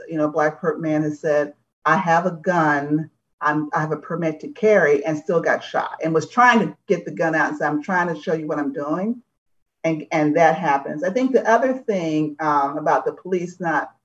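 A woman's voice: low-pitched, dull audio. A middle-aged woman in a group discussion, candidly telling a personal story and acting out the voices of the people in it. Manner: candid, animated, acts out voices in her stories. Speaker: discussion participant.

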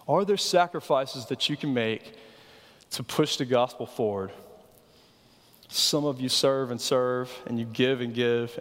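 A man's voice: mid-range voice, fairly bright tone, big-room sound. A man preaching a sermon as pastor, earnest and pleading, asking the congregation rhetorical questions.

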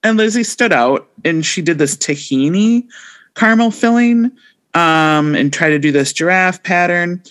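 A woman's voice: on the low side, lively intonation, measured pace. A woman in her forties co-hosting a casual chat about a baking show, talking with frequent ums and trailing thoughts. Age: 40s. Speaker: podcast co-host.

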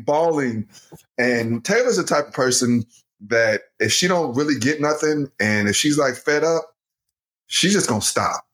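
Middle-aged dad co-host, lively storyteller, laughs easily, chatty podcast register. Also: male voice, fairly high pitch. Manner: animated storytelling, laughs often, addresses listeners as y'all. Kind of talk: casual family podcast chat.

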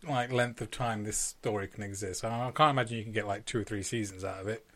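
A man's voice: fairly low pitch, fairly even intonation, fast talker, fairly bright tone. A man in a casual chat, teasing and firing off questions.

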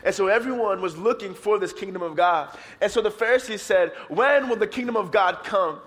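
High-voiced energetic male preacher. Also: a little fast. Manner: energetic, playful preaching, leads congregation in song. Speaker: pastor. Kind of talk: sermon.

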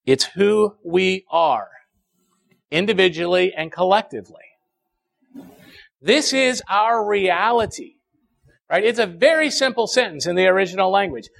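A male pastor, preaching a sermon with emphatic repetition and dramatic pauses. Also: sits high, animated, creaky, a bit bright.

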